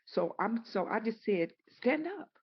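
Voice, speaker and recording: A middle-aged woman, an interview guest, telling a personal story in a halting way, repeating words and acting out the dialogue. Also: fairly high pitch, big pitch swings, husky. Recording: dull lo-fi recording.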